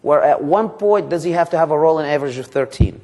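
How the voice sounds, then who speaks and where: A man leading a live sales training seminar, quizzing his audience and acting out sample calls to customers and banks. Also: fast talker. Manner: energetic, quizzes the audience with questions; acts out sample phone calls and pitches.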